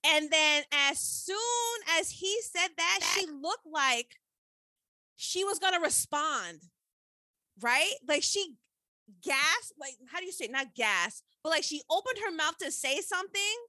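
A woman's voice: high-pitched, animated, a little slow, pushed and bright, no room sound. A woman co-hosting a casual chat, animatedly retelling a TV scene and quoting the characters. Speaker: podcast co-host. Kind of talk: casual chat recapping a TV episode.

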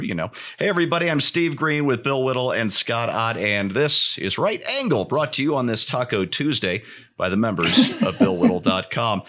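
Male talk show host, lively and bright, keeps it jokey and loose. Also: medium pitch. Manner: joking, laughs often, animated delivery. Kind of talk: casual political commentary.

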